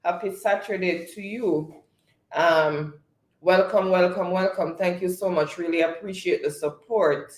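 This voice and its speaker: Slow, relaxed male stream host. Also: high voice. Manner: relaxed, laughs often while reading comments. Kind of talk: reading live chat aloud. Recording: echoey room.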